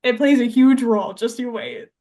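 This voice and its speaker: A young adult woman co-hosting a podcast retells a film in casual chat, using lots of "like" and acting out quotes. Her voice is on the high side with a dark tone at normal speed, and the recording has a little hiss or hum.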